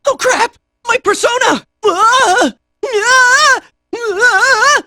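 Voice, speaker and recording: A brash young video game fighter, played by a woman, trades quick shouted battle cries and smug taunts. The voice sits very high and swings widely in pitch. It is recorded close and dry, with no room around it. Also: big pitch swings, no echo, exaggerated voice. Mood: startled. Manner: shouted short battle cries, cocky and jokey.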